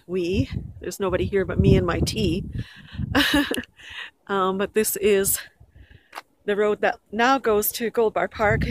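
Breathless woman vlogging on a walk. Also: medium pitch. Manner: chatty, rambling, self-correcting. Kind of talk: casual vlog narration while walking. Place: outdoors in a park by a river bridge. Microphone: handheld camera. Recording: noisy outdoor camera audio.

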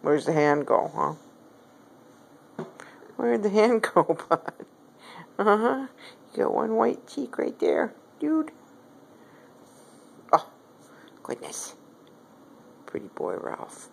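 Slow, swooping woman cooing at her cat. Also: big pitch swings, vocal fry, husky. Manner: coaxing, affectionate pet talk with swoops up high. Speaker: pet owner. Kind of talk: casual talk to a pet cat. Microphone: phone camera.

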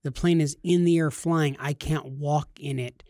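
A man in his thirties, a podcast co-host, telling a funny story casually and jumping into high, shouty voices when he quotes people. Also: fairly even intonation, normal speed, no room sound, studio quality.

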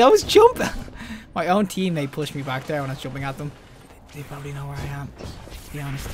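Excitable high-voiced young man gaming. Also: a little hiss or hum. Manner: excitable, yelps and laughs at deaths. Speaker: gaming YouTuber. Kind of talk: live gameplay commentary.

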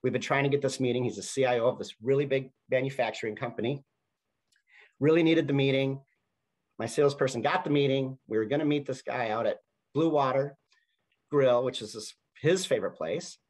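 A man's voice: mid-range voice, fairly quick, darkish tone, poor audio. A middle-aged man giving a conversational storytelling talk, with frequent restarts. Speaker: speaker at a university talk.

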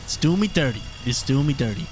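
A man who hosts a gaming channel commentates a video game battle, chatting excitedly and thinking out loud. His mid-range voice is brisk but scratchy, and he coughs from an irritated throat.

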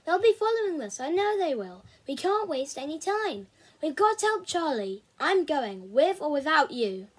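A woman's voice: high-pitched, sing-song, moderate pace. A woman voicing an anxious, determined young boy who pleads urgently.

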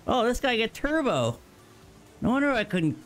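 A man giving casual, excitable, profane gameplay commentary to himself from a small room at his computer. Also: very high voice. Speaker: gamer.

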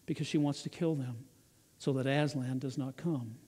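A man's voice: fairly high pitch, moderate pace, warm tone. A male pastor retelling a children's story in a sermon, often repeating and restarting words.

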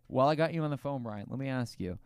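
A man's voice: mid-range voice, animated, fast, a little mellow, clean tone, dry recording, clean studio sound. A man co-hosting a casual podcast, upbeat and jokey, quizzing his co-host. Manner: upbeat, jokey, asks questions.

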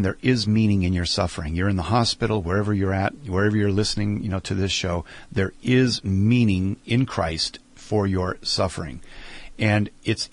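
In an earnest interview, a lowish-voiced middle-aged man tells a heartfelt story of faith, easing his pace when he wants to emphasize a point.

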